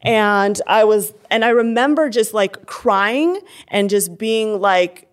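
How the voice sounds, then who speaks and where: A woman's voice: medium pitch, takes it slowly. A young adult woman giving a candid personal testimony as an interview guest, talking earnestly with many fillers and restarts.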